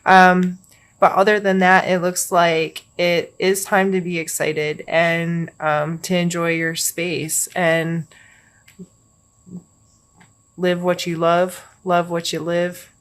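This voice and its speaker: A woman giving a casual tarot card reading, talking gently and meandering with many fillers. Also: lowish voice, flat delivery, slow pace, clean tone. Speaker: tarot reader.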